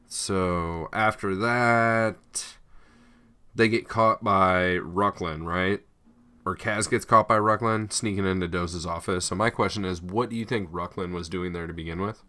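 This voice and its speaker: A man with a very low voice co-hosts a casual podcast chat. He wanders through his thoughts, filling gaps with "uh" and "like" and restarting his sentences. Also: takes it slowly, bright, forceful tone, clean tone. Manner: rambling, hesitant with many fillers. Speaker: podcast co-host.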